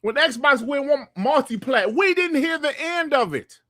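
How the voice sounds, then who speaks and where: A man hosting a gaming podcast livestream, ranting in a heated, profane and animated way. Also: very high voice, unhurried, no echo, studio quality. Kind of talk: livestream commentary rant.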